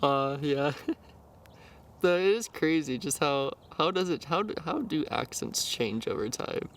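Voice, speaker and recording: Giggly young man with a gravelly voice. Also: on the high side, lively intonation, unhurried, a bit bright. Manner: giggly, easygoing, agreeable. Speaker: podcast host. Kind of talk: casual podcast chat.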